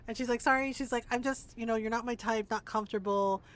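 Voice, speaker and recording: A woman's voice: a little high, steady tone, quick pace. A young adult woman streaming a video game, chatting casually, teasing and laughing often. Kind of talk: casual gameplay commentary.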